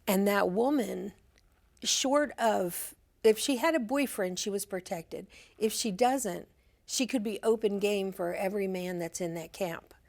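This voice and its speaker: A woman's voice: mid-range voice, a little slow, gravelly, darkish tone. A woman who leads a street and jail ministry, talking earnestly as a guest on a talk show, often restarting her sentences and laughing easily. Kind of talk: casual talk-show chat.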